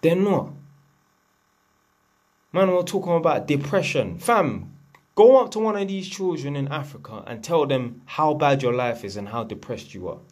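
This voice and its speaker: A man's voice: a little high, animated, normal speed. A man, delivering a blunt, profane, lecturing rant to camera as a vlogger. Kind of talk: unscripted ranting monologue.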